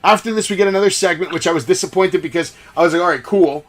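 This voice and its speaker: A fairly high-voiced man rattles through a casual recap as host, swearing freely and slipping into quoted lines for effect. His talk is loose and excitable. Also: fast. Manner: profane, excitable, acts out quotes. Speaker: wrestling podcast host.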